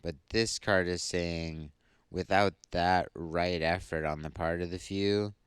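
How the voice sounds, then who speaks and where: A man giving a tarot reading to his viewers, sleepy and yawning, explaining each card slowly and thoughtfully. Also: deep voice, steady tone, smooth, no echo, studio quality. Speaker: tarot reader.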